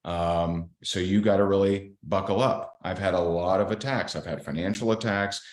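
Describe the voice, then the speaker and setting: A man's voice: low-pitched, steady tone, moderate pace. A man guest on a podcast, candidly telling a faith story in an earnest, blunt way. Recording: roomy echo.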